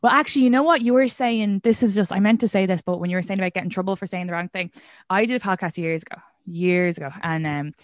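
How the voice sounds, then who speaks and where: Irish comedian in her 30s, animated and swearing, close dry recording. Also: medium pitch, quick pace, no room sound. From Ireland. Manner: animated storytelling, swears freely, laughs often. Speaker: comedian guest. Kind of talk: casual podcast chat.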